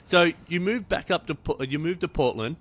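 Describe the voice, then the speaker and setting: A man's voice: on the high side, animated, moderate pace, fairly bright tone. A man hosting a podcast interview, chatty and casual, full of fillers and the odd swear. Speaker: podcast host.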